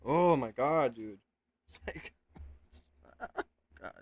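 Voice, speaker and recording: Man in his thirties, casual livestream host, rambling, frustrated, dry close sound, mid pitch. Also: animated, extremely slow, dry recording. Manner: frustrated, rambling, swears then corrects himself. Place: home room. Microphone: webcam setup at home.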